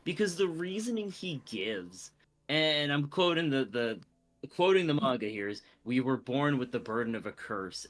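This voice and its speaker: A man's voice: mid-range voice, a bit bright. A young man co-hosting a podcast, chatting casually and critically, quoting the text and trailing off mid-thought. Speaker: podcast co-host. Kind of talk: casual chat.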